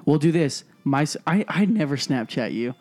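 A man's voice: fairly high pitch, animated, moderate pace, darkish tone. Playful man joking on a podcast. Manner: playful, teasing. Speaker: podcast co-host. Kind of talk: casual chat.

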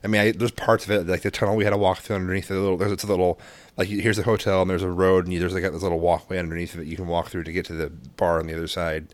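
A man casually telling rambling, profane stories in a relaxed chat, laughing often. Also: low voice, racing, no echo.

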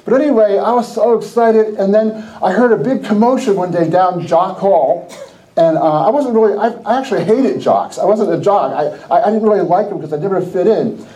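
Animated storytelling man, high and mellow. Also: brisk, poor audio. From New Jersey. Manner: animated, laughing, acts out quoted dialogue. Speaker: podcast host. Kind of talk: casual storytelling on a Christian podcast.

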